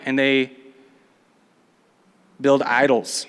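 This male pastor's voice is a little high and a bit bright, and he speaks at a normal speed. His sermon alternates scripture read aloud with acted-out grumbling from the people, all inside a long, echoing hall.

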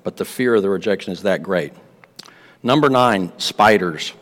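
A man's voice: low-pitched, normal speed, fairly bright tone. A man preaching a sermon in a casual, conversational way, often repeating words and asking the congregation questions. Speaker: pastor. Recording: long reverb of a hall.

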